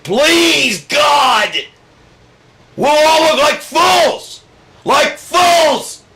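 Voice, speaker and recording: A man voicing a group of panicking male experts who shriek and beg in high, frantic shouts. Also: lively intonation, very slow, background noise, heavily acted. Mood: panicked pleading.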